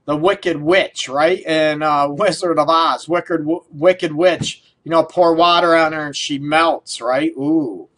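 Man, radio host, playful, rambling, laughs a lot, slightly high voice. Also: a bit bright. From Detroit area. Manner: playful, laughs often, loose rambling questions. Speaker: radio show host, counselor. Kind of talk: casual talk radio, chatty.

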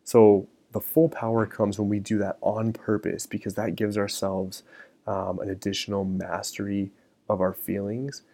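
A man's voice: on the low side, moderate pace, gravelly. A middle-aged man hosting a solo podcast, talking casually with many ums and you-knows. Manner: relaxed, many fillers like um and you know. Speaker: podcast host.

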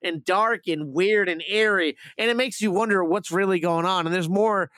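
A man's voice: high voice, moderate pace, a bit bright, no room sound. A man casually retelling a movie plot on a review podcast, rambling with lots of fillers and swearing. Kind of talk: casual chat.

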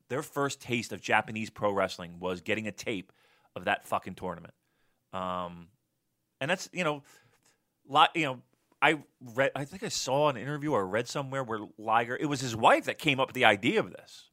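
A man co-hosting a podcast in casual chat, animated and profane, breaking into loud rants. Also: medium pitch. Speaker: podcast co-host.

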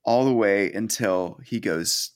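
Male co-host, lowish voice, dry sarcastic storyteller. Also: takes it slowly, clean tone. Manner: sardonic, profane storytelling. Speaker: podcast co-host. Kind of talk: casual chat retelling a horror story.

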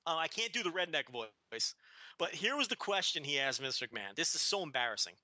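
अत्यंत चमकदार, तीखी आवाज़ वाला जोशीला आदमी. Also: male voice, on the high side, brisk, dry recording. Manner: animated, ranting, profane. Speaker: podcast co-host. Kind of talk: casual podcast chat. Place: living in the American South.

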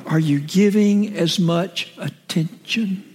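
A middle-aged man preaching a sermon as a pastor, with emphatic swings from raised shouts down to whispers. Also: high voice, slow. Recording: long hall reverb.

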